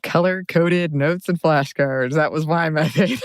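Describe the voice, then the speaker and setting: A woman co-hosting a podcast in a casual chat, giggly and quick with her answers. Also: low-pitched, no echo, studio quality. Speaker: podcast co-host.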